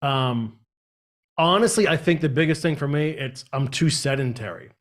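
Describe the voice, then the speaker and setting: A man's voice: on the high side, moderate pace. A man hosting a live stream, chatting casually and rambling with lots of fillers. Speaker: host of a live channel.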